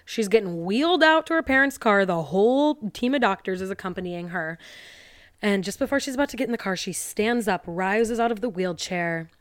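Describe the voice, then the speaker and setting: A woman's voice: medium pitch, lively intonation, fairly quick, dry recording, clean studio sound. A young woman hosting a podcast, recapping a TV movie in a casual, sarcastic way and acting out the characters' lines.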